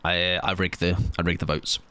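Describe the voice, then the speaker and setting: A man's voice: low voice, level tone, a little fast, pushed and bright, clean tone. A man in his thirties chatting casually and joking with his audience while streaming a game. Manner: joking, self-mocking banter with chat. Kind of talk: casual chat while gaming.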